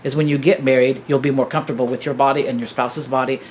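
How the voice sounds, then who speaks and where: A man's voice: mid-range voice, level tone, fast talker, a little hiss or hum, poor audio. A man in his fifties, a podcast host, gives an earnest, preachy teaching monologue and keeps calling his listeners "guys". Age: 50s.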